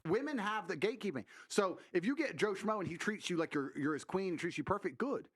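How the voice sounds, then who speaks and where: A man's voice: high voice, expressive, fast, soft background music. A man telling a story in a brash, boastful way, swearing freely. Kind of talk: casual storytelling rant.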